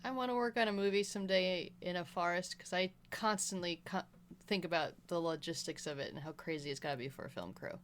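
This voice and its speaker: A woman's voice: fairly low pitch, brisk. A woman co-hosting a casual film review chat in a joking, playful way. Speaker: podcast co-host.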